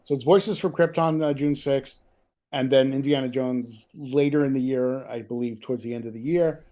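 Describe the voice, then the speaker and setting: A man being interviewed about his book over a video call, telling lively anecdotes in a chatty, self-deprecating way. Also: mid-range voice, normal speed. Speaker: author, interview guest. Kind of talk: casual storytelling chat.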